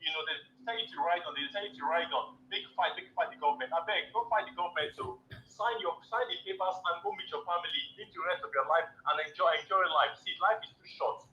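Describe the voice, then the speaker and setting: A Nigerian man phones in to a talk stream, rattling off his points in a bright, quick, fairly high voice. The line sounds roomy with a faint hiss behind him. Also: muffled recording. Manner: rapid, pleading, repeats words. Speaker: caller. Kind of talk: call-in opinion.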